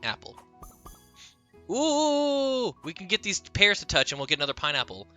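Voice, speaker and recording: A man's voice: on the high side, very animated, fast, sharp tone, faint music behind. A man streaming a video game, chatting playfully with his viewers and giggling at his own jokes. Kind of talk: casual live-stream chat while gaming.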